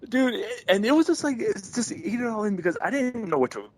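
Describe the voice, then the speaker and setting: A man chatting as a podcast guest, telling a story excitedly, laughing often and acting out the lines of people he quotes. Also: extremely high pitch, brisk, rough recording.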